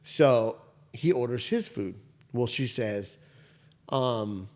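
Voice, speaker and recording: Slow and mid-range, this man's voice belongs to a podcast co-host. He recounts a comic tale in relaxed, profane conversation, full of animation and chuckling at his own story.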